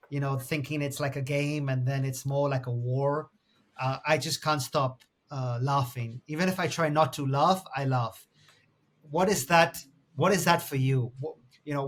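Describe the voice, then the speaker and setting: A man co-hosting an interview podcast, effusive and halting, often restarting his sentences. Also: fairly high pitch. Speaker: podcast co-host. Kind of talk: casual interview talk.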